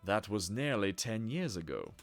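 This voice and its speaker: A man's voice: on the low side, big pitch swings, normal speed, soft background music, voice pushed down. A man voicing a stern, weary male god-king who speaks in cold, clipped lines. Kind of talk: reading game dialogue aloud with voices.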